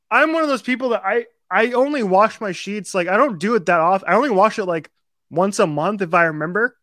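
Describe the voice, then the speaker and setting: A man's voice: high-pitched, sharp tone, no echo, clean studio sound. A man hosting a podcast, rattling off a live ad read at auctioneer speed, then chatting casually. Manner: rapid auctioneer-style ad reading. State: out of breath after the read. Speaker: podcast host.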